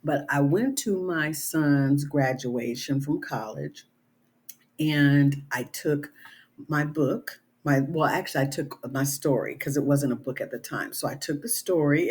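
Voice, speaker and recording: Slow, husky middle-aged woman. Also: deep voice, a little mellow. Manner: earnest, conversational, many "you know" and "right?" tags. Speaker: author. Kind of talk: casual vlog talk.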